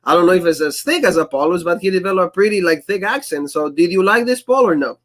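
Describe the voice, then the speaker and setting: Higher-pitched accented man, animated podcast chat. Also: quick pace. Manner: animated, frequently acts out quotes in shifting voices; speaks English with a non-native accent. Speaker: co-host of a wrestling review show.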